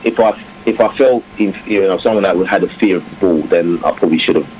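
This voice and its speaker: A former English cricketer chatting in an interview, reflective, with many fillers and restarts. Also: male voice, low voice, quick pace, a little mellow, poor audio. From England. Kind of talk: casual interview talk. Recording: faint background noise.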